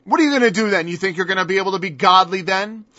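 A man's voice: sits high, very fast, sharp tone, no room sound. A man preaching a sermon in an emphatic style, firing off mocking rhetorical questions. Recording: dull lo-fi dry recording.

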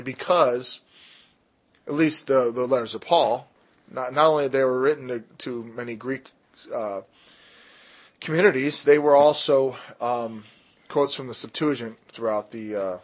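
Husky-voiced man leading a Bible study. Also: medium pitch. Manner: emphatic, slows down to stress key words; jokey, self-deprecating asides. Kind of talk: casual Bible study teaching.

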